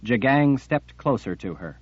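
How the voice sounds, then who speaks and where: A man reading an audiobook in a steady, measured way. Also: medium pitch, slightly rough, lo-fi sound. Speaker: audiobook narrator. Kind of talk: audiobook narration.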